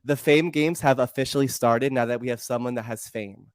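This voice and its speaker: A man's voice: medium pitch, brisk, no room sound, studio quality. A man co-hosting a podcast in casual chat, emphatic, profane and playfully shady. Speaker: podcast co-host.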